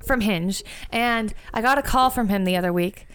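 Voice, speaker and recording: A young woman co-hosting a podcast, chatting casually and telling stories with lots of giggles and quick asides. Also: medium pitch, a bit bright, smooth. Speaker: podcast co-host. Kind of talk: casual chat.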